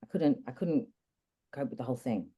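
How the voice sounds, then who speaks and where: A woman guest in an interview, candidly recounting a personal experience in a reflective, lively way. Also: rumbling low, a little fast, slightly rough. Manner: candid, reflective, animated retelling. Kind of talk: personal storytelling in conversation.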